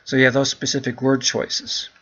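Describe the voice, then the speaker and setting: Chatty male teacher, bright dull-sounding voice. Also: mid-range voice, normal speed. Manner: relaxed, chatty, keeps addressing the class as "guys". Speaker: English teacher. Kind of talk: walking students through an essay on screen.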